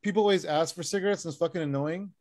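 A man performing a stand-up set over a video call, deadpan one-liners with frequent "uh" fillers. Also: a little high, rapid-fire. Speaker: stand-up comic.

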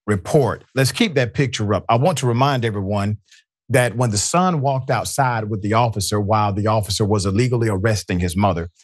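A man's voice: medium pitch, no echo. Man, news show host, emphatic, indignant commentary, dry close sound. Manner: emphatic, indignant, directs the crew mid-show.

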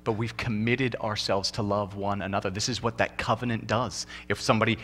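In a church sermon, an animated male pastor alternates between booming, emphatic statements and hushed, low ones, slipping into quick comic voices to act out what couples say.

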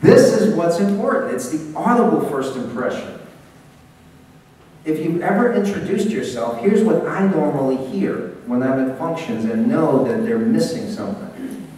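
A man giving a lively business seminar talk, speaking directly to his audience and pushing his voice out. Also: on the high side, moderate pace, slight background noise. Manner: animated, projecting, talks straight to the audience. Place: seminar hall. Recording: echoey hall, taped from far off.

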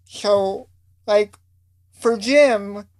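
A woman's voice: medium pitch, very slow, darkish tone. A woman interviewing guests, asking thoughtful questions with many fillers.

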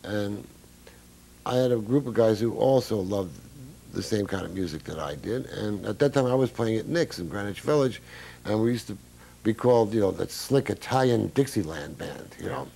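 A man's voice: lowish voice, animated, normal speed, vocal fry, dark tone, husky. A man, a jazz musician being interviewed, telling anecdotes in a chatty way with many "you know" fillers. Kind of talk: casual interview storytelling.

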